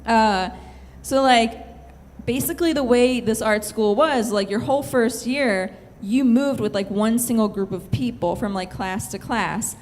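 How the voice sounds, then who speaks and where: Young woman storyteller, chatty and giggly, somewhat high voice, roomy hall sound. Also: measured pace, darkish tone. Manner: chatty, giggly, full of "like" fillers. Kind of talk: live comic storytelling. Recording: hall reverb, faint room noise.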